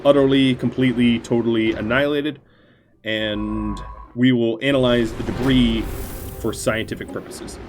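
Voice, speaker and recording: A man's voice: medium pitch, fairly even intonation, moderate pace, slight background noise. A man streaming a strategy game, giving casual, playful gameplay commentary in a gleefully mock-villainous way. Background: faint game music.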